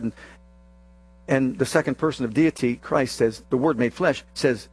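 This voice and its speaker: A man preaching a sermon, acting out scripture scenes with slow emphasis and sudden rapid bursts. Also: medium pitch, husky. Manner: dramatic, acts out quoted scripture voices, shifts between slow emphasis and rapid bursts.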